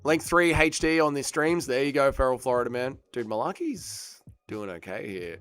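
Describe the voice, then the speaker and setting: An excitable man hosts a live fight watch-along, bantering with his chat and swearing freely. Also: mid-range voice, moderate pace, dry recording, soft background music. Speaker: livestream host.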